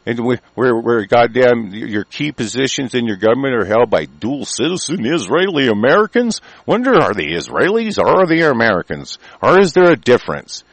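A man hosting his own show, delivering an angry, profane rant. He breaks into shouted bursts and stumbles through halting restarts. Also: medium pitch, sing-song, no echo. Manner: halting, many ums and restarts. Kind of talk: profane ranting commentary.

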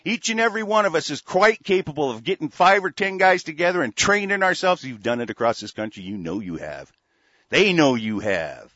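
A man's voice: fairly high pitch, very animated, a little fast, pushed and bright, no echo. A man hosting a radio show, delivering an angry, profane political rant full of stammered restarts. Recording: dull lo-fi dry recording.

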